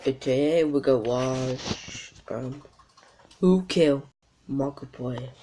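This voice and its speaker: A man hosting his channel, reacting to a video in halting casual commentary full of fillers and repeats. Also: medium pitch, warm tone, slight background noise.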